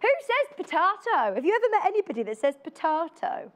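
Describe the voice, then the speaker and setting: A woman's voice: very high-pitched, big pitch swings, fairly quick, few pauses. A woman presenting a live TV shopping demonstration in a studio, chatty and upbeat, often putting questions to the viewer.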